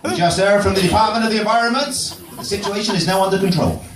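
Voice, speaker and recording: A man's voice: high-pitched, fast talker, a crowd in the background, voice pushed up, close to an everyday voice. A man putting on a generic local radio presenter voice, mock-cheery like an announcer. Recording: roomy distant pub mic with noise.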